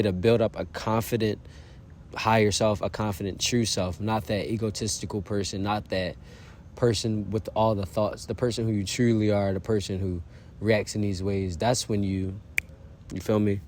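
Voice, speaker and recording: With slight background noise, a man speaks in a fairly low, darkish voice during a motivational vlog. He talks to himself casually but earnestly, encouraging the viewer with frequent asides and slang, repeating "bro" and "you feel me."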